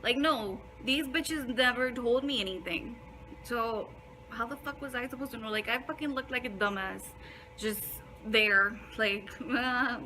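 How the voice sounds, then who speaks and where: A young woman with a bright, slightly high voice tells a story in a loose, casual storytime. She talks bluntly, swears constantly and leans on fillers, over a faint hiss of background noise. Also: a little slow, low-quality recording. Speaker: vlogger.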